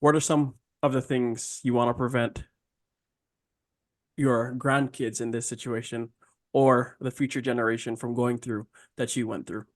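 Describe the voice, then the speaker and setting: Measured male podcast host. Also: mid-range voice, steady tone. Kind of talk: interview questions.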